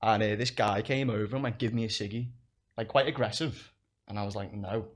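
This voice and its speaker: A man's voice: on the low side, fairly quick. A young man, a comedian guest on a podcast, telling stories in casual chat, swearing freely and laughing as he goes. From England. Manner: laughs through his stories, swears a lot.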